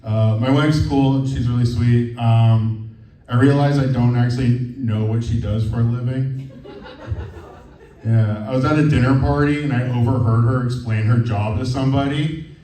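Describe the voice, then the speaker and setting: A man's voice: medium pitch, fairly even intonation, normal speed, warm tone. A man in his thirties doing a stand-up comedy set, rambling and hesitant with lots of fillers. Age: 30s. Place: comedy venue with live audience. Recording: roomy, from far off.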